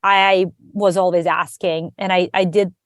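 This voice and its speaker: A woman guest on a podcast, telling her story in a lively, conversational way and acting out the voices of others. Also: fairly low pitch, measured pace, no room sound, studio quality. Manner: animated, acts out quoted dialogue.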